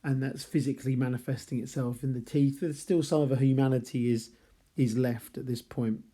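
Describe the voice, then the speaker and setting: A man walks through a classic novel chapter by chapter, talking casually as a teacher would. His voice is mellow and warm at an ordinary middle pitch, and he rambles a little, correcting himself and apologising as he goes. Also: fairly even intonation, a little fast. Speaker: literature teacher.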